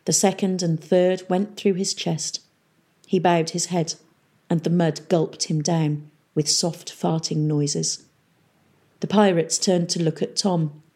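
Husky woman reading a story. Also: on the low side, slow. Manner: steady, storytelling delivery. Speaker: narrator. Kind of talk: audiobook reading.

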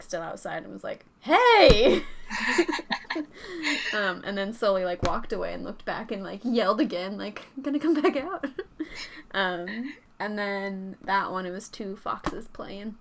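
A woman's voice: mid-range voice, fairly even intonation, normal speed, gravelly, a bit bright, a little hiss or hum. Playful podcast co-host woman. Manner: playful, laughs often, casual filler words. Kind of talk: casual chat.

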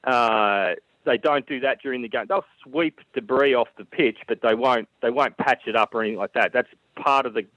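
A man joining as a guest, calmly explaining a sport in casual talk. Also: mid-range voice, moderate pace, no room sound, rough recording. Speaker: remote guest expert.

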